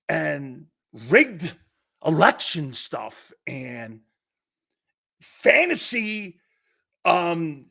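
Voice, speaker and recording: A man's voice: sits high, creaky, sharp tone, breathy edge. A man hosting a sports talk show, ranting in a sarcastic, mocking way. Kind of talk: opinionated sports talk rant.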